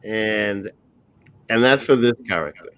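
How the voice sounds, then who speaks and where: A man speaks slowly and hesitantly as a movie review co-host, pausing on fillers as he works through his point. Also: fairly low pitch, fairly bright tone, rough recording. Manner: hesitant, slow, many fillers. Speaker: podcast co-host. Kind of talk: casual movie review chat.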